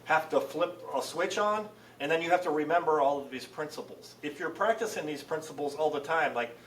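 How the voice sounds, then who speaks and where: Middle-aged male CEO guest, rapid animated storyteller, voice distant and roomy. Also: a little high, slight background noise. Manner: animated storyteller acting out dialogue. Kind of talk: casual podcast conversation. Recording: roomy, distant mic with faint ambience.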